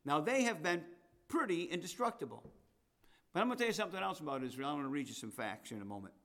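A man preaches a sermon, reading scripture aloud. His voice sits a little high for a man. He hammers his main points and then slips into soft, offhand remarks. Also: big pitch swings, fast. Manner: emphatic, rising to loud declarations and dropping to asides.

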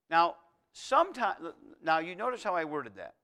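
A male pastor preaching a sermon. He builds emphatic repeated phrases, then drops to a soft, intimate tone. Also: sits high, lively intonation, moderate pace. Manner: preaching with rising, emphatic repetition.

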